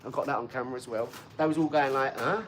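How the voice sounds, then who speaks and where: A man's voice: medium pitch, fairly even intonation, very fast, slight background noise. A man hosting a casual livestream, rambling between topics, swearing freely and answering viewers' comments. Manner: talks to viewers' comments directly. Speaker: livestream host.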